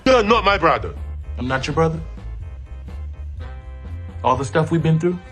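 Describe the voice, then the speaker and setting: A man putting on an impression of an older actor speaking halting English. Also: a little high, very animated, a bit bright, soft background music, voice pushed down. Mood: insistent. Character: older male martial-arts actor impression.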